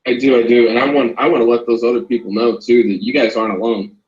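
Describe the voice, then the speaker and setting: A man's voice: mid-range voice, level tone, fast, darkish tone, echoey room, dull audio. A man, a former corrections officer, speaking as an interview guest, earnest and polite. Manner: earnest, polite, addresses host as ma'am. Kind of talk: interview over a call.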